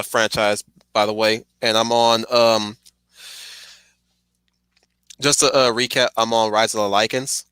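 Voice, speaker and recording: A man's voice: medium pitch, fairly bright tone, clear, resonant tone, dry recording. A man streaming a casual, rambling film commentary, stuttering and restarting his sentences often.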